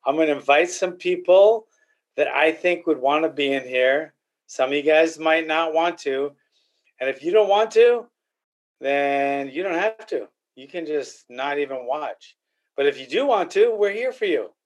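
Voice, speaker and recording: Casting: older male podcast host, rambling and blunt, slightly high voice. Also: unhurried. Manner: rambling, repetitive, blunt storytelling. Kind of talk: casual podcast chat.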